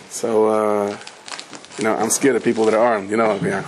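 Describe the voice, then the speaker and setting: A man teaching a Torah class as a rabbi, telling stories in a conversational way and scattering Hebrew and Yiddish terms through his English, his pitch climbing when he presses a point. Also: level tone, moderate pace, background noise. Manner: conversational storyteller, rises in pitch when driving a point home.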